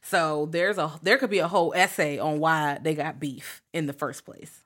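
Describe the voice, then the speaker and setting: A woman's voice: deep voice, steady tone, moderate pace, a bit bright. A woman co-hosting a podcast, recapping a horror movie in casual slang and jumping into raised voices to quote the characters. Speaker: podcast co-host. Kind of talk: casual movie-review chat.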